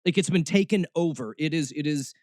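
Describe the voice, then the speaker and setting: A man's voice: a little high, a little fast, a little mellow, no echo, clean studio sound. A man hosting a snarky comedic podcast, talking sarcastically and slipping into mock voices. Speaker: podcast host.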